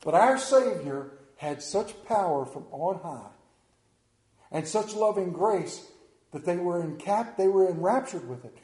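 Preaching in an echoing room, a man grows more and more emotional, his high voice ranging widely in pitch. He halts and repeats words as passion takes over. He sounds animated, with a dark tone.

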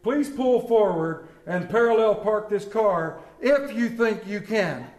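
A man's voice: high-pitched, animated, slow, a little mellow. A man playing a stern male state trooper examiner who speaks formally and a bit sarcastically. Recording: echoey room.

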